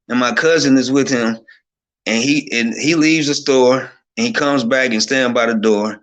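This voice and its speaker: Excited man telling a testimony. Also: mid-range voice, moderate pace. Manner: excited, rambling, repeats himself. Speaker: guest sharing a testimony. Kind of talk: emotional personal testimony.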